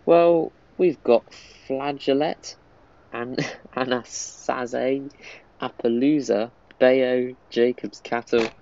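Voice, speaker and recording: A man reading the lines of a squeaky-voiced teenage shop clerk from a mobile game, in his own voice. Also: steady tone, takes it slowly, mellow, lo-fi sound. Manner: plain read-aloud delivery.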